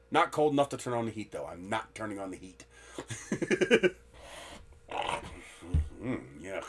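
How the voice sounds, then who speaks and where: A man's voice: mid-range voice, a bit bright. A man hosting a live stream, chatting candidly and rambling from topic to topic, with the occasional swear. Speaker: livestream host. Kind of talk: casual live-stream chat.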